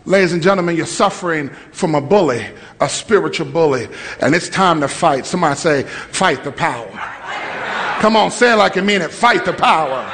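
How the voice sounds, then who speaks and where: A high-voiced man preaches a sermon, telling stories and calling on the congregation to answer back. He builds from conversational passages up to shouted peaks. His voice carries a long reverb from the hall around him. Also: fast talker, hardly any pauses, a little hiss or hum. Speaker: pastor. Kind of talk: sermon with call-and-response. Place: church hall with live congregation.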